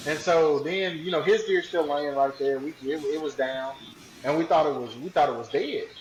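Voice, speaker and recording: A man's voice: on the high side, normal speed, echoey room, slight background noise, low-quality recording. Slangy man telling a hunting story. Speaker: podcast guest, hunting ambassador. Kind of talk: casual storytelling.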